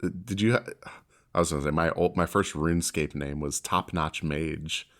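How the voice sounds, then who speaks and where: A young man with a very low, deep voice co-hosts a casual podcast. He reads silly passages aloud in a deadpan, mock-dramatic way and often laughs. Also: moderate pace. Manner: laughs while reading, deadpan dramatic delivery. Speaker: podcast co-host. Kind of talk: casual podcast chat, reading fanfic aloud.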